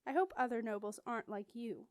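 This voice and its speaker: A woman's voice: fairly high pitch, animated, fairly quick, darkish tone, dry recording, clean studio sound, close to an everyday voice. A woman voicing a wary, wry merchant girl. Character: big, proud merchant girl, wary and dry-witted.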